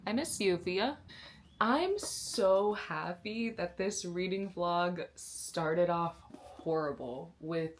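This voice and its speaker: A woman's voice: fairly low pitch, slow. Gushing young woman book vlogger. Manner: gushing, excitable, slangy. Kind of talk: casual reading vlog. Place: sister's bedroom, indoors.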